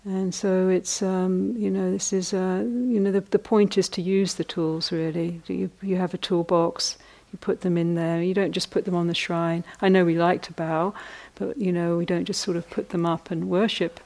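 A middle-aged woman, a meditation teacher, giving a reflective dharma talk at a retreat in a conversational way, with frequent pauses and restarts and laughter at her own jokes. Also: on the low side, level tone, warm tone.

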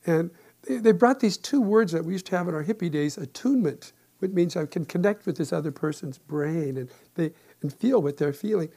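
A man in his sixties, a meditation teacher and therapist, giving a calm, reflective dharma talk with gentle humor. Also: on the high side, brisk, slightly rough.

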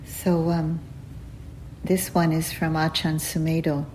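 A woman meditation teacher speaks slowly and gently, pausing often as she gives a dharma talk. Her voice sits a little low, and faint room ambience hangs behind her words. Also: flat delivery, a little hiss or hum, rough recording. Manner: slow, gentle, with frequent pauses and fillers; laughs softly while telling stories. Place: retreat center hall.

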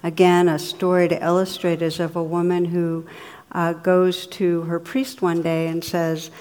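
Woman giving a gentle dharma talk. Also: on the low side, little pitch movement, a little slow. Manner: warm storytelling, laughs at her own jokes. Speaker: meditation teacher. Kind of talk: dharma talk with humorous stories. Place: meditation hall with audience.

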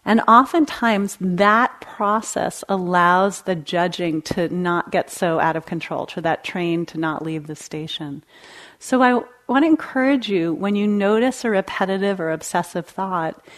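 A woman meditation teacher giving a dharma talk in a gentle, conversational way, laughing lightly now and then. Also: fairly low pitch, a little slow. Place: meditation hall.

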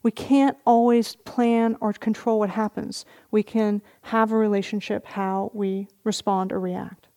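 A middle-aged woman, a meditation teacher, giving a dharma talk at a retreat, telling a story gently with soft laughs. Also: mid-range voice, little pitch movement, unhurried, hardly any pauses.

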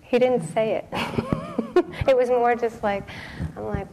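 A middle-aged woman meditation teacher giving a relaxed, conversational dharma talk. She speaks gently, drops into soft whispered asides and laughs often. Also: fairly high pitch, slow, pauses often, a little hiss or hum, rough recording.

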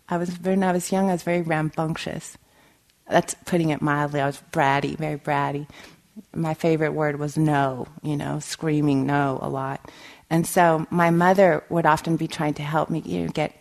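Laughing woman teaching meditation. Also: sits low. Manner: storytelling, laughs often, animated. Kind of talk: dharma talk. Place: meditation hall.

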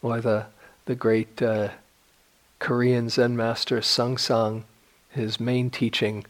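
Slow, reflective older male meditation teacher. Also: fairly low pitch, flat delivery. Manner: slow, reflective, with gentle pauses and restarts. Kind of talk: dharma talk.

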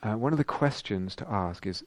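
A man with a British accent giving a dharma talk as a meditation teacher, gentle and reflective, pausing often and restarting phrases. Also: lowish voice, lively intonation, no echo. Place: retreat meditation hall.

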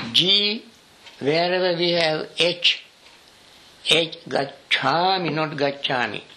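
An older man, a monk teaching a scripture study class with slow, halting explanations and spelled-out words. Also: fairly high pitch, lively intonation, pushed and bright, rough recording.

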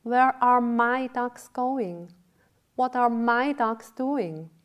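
A woman's voice: on the low side, slow pace. A woman voicing a dull-witted man in a teaching story, calling out after his ducks in alarm. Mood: frantic. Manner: calling out urgently. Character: simple-minded man, eager, then frantic over ducks.

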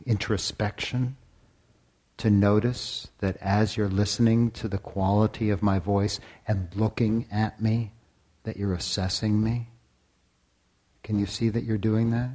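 Slow, husky-voiced man giving a dharma talk. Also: on the low side, dark tone. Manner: asks the listeners many rhetorical questions; deliberate, with long pauses, sometimes dropping to a whisper. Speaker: meditation teacher.

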